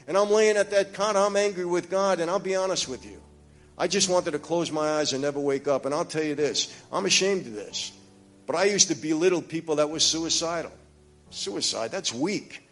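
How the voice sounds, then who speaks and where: A man with a New York accent tells his personal testimony, speaking straight to his listeners in a confiding, emphatic way. His voice sits a little high for a man, and he moves between hushed low stretches and raised, urgent ones. Faint music plays underneath.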